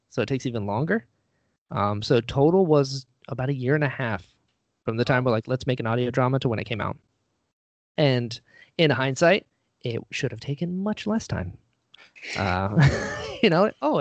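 A man sits in as a guest and tells a story with a pitch that swoops up and down, slipping into the voices he quotes and poking fun at himself. The recording is dry and close, with a dull, lo-fi tone. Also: dry recording. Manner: animated, acts out quoted voices, self-deprecating. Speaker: podcast guest, actor and writer. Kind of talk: casual storytelling interview.

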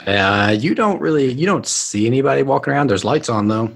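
A man running a tabletop game as game master, giving brisk, matter-of-fact scene descriptions. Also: medium pitch, animated, creaky, husky.

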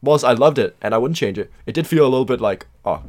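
A man co-hosting a casual film review podcast, enthusiastic and quick to laugh. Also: medium pitch, animated. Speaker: podcast co-host.

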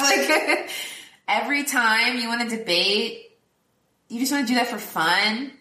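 A woman co-hosting a podcast recaps a film casually, her medium-pitched voice animated, pushed, and bright at a normal speed. She laughs often and quotes characters in voices. The sound is reverberant, and she's far from the mic.

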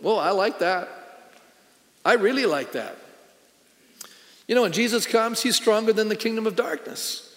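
A man's voice: high voice, moderate pace, long pauses, a bit bright, long reverb tail. A middle-aged man, a pastor, preaching a sermon in a conversational, storytelling way with emphatic punches.

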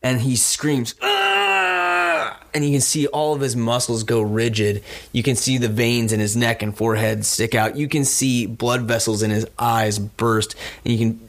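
Man narrating as game master. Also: medium pitch. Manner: vivid descriptive narration with fillers.

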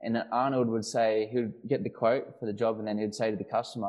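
A man's voice: lowish voice, flat delivery, fast talker, few pauses, a little mellow, rough recording. A man co-hosting a casual podcast, telling a long story with many restarts and fillers. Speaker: podcast co-host. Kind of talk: casual chat.

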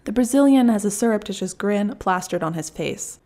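A woman's voice: medium pitch, animated, a little fast, warm tone. A woman narrating a first-person story in a wry, dry storytelling manner.

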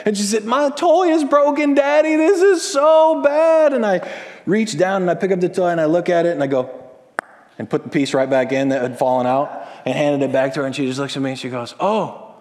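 A man in his thirties preaching a sermon, telling stories with animation and swinging from loud to hushed. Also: high-pitched. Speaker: pastor. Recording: long hall reverb.

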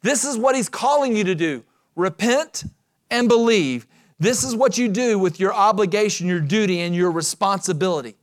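A man preaching a sermon as pastor, emphatic and dramatic, slowing to stress key phrases. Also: sits high, lively intonation.

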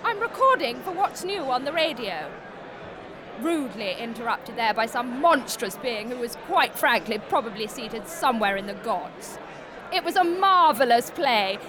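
A woman's voice: fairly high pitch, sing-song, normal speed. A woman playing a gushing, name-dropping theatre critic, reporting from a busy bar. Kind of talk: comic radio report. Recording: busy bar crowd and noise. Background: crowd chatter.

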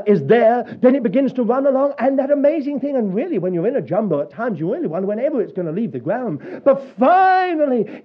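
A man preaching with a high voice that leaps up and down in pitch. He tells his stories with a chuckle and plenty of animation. The recording is dull and lo-fi. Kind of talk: sermon. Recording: dull lo-fi sound.

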